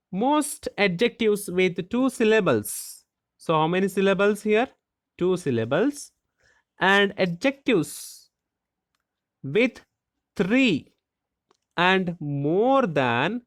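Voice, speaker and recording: A teacher explaining a grammar lesson slowly and deliberately, asking rhetorical questions and spelling out letters. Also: medium pitch, no echo, clean studio sound.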